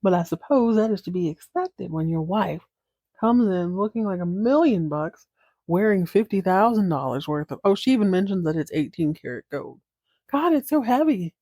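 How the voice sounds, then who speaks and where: A woman podcast host recapping a TV drama episode in a sassy, animated way, laughing often as she comments. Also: lowish voice, normal speed, no room sound.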